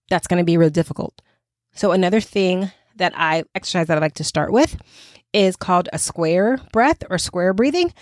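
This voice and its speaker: A woman's voice: lowish voice, dry recording, studio quality. A woman host giving a casual devotional talk, chatty and full of "right?" and "okay?" tag questions. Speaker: podcast host.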